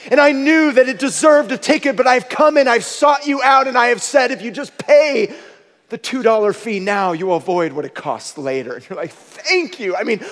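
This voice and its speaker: A man preaching a sermon, telling stories with lively acted outbursts, then turning quiet and earnest. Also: high voice. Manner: animated storytelling, bursts into loud acted exclamations, drops to a quiet earnest tone. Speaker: pastor. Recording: long hall reverb.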